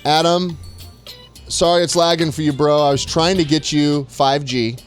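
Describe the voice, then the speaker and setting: A man's voice: fairly high pitch, fairly even intonation, normal speed, soft background music. A man co-hosting a livestream, chatting casually and reading out viewer comments with upbeat, joking banter. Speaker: co-host of a livestream show.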